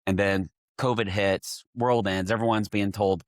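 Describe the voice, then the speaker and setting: Low-voiced Texan winemaker guest. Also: male voice, unhurried, no room sound, studio quality. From Texas. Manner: steady, detailed storyteller. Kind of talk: casual chat.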